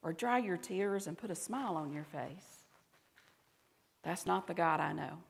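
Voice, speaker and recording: A woman pastor with a Southern accent preaching a conversational sermon, at times dropping to a soft, intimate voice. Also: lowish voice, expressive, a little slow, vocal fry, slightly rough. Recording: reverberant hall.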